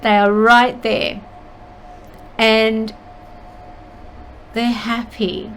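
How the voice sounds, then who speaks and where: A middle-aged woman speaks as a spiritual medium, sharing her experiences with a heartfelt, halting sincerity. Her voice sits a little high and moves at an unhurried, deliberate pace. A faint hum of room sound lingers behind her. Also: flat delivery, fairly bright tone, rough recording. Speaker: spiritual medium and channel host. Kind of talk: earnest personal storytelling.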